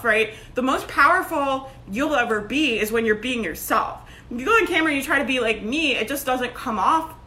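A woman in her thirties giving a loud, emphatic motivational talk to camera, laughing often and peppering her speech with "like" and "right?". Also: a little high. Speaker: online business coach. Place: at home. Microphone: phone.

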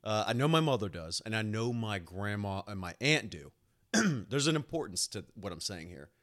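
A young man hosting his own podcast, rambling through a personal story in casual chat, animated and swearing freely, with lots of "like" and "uh.". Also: fairly low pitch, normal speed. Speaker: podcast host and nurse.

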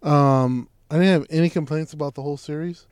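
A man's voice: on the high side, a little fast, a little mellow, smooth, dry recording, studio quality. A man co-hosting a casual podcast, talking crudely and joking around with his friend. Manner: profane, joking, mock voices. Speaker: podcast co-host.

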